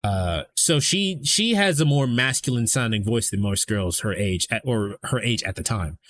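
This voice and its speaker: A man's voice: lowish voice, expressive, normal speed, a bit bright. A young adult man streamer rambling casually to his chat, swearing freely and restarting his sentences often.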